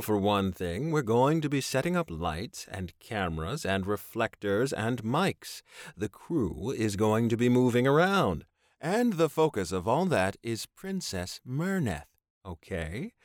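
A man's voice: medium pitch, dry recording, studio quality. A man voicing a cocky young male TV host who drawls and smirks as he turns someone down. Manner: smug, drawling. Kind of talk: audiobook character voice.

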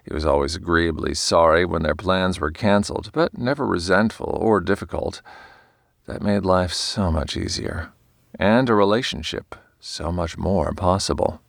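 A man narrating an audiobook in a measured storytelling manner. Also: low voice, creaky, dry recording, studio quality. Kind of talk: scripted narration.

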